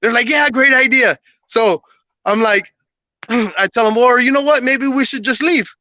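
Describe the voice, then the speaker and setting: A man who is a podcast guest, casually telling a personal story in an animated way, often laughing and acting out what people said. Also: very high voice, normal speed, no echo, highs cut off.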